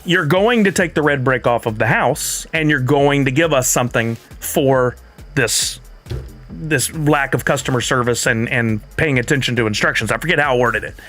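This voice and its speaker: A man's voice: medium pitch, normal speed, a bit bright, faint music behind. A middle-aged man hosting a stream, telling a story in casual chat and acting out both sides of the conversation. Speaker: streamer host.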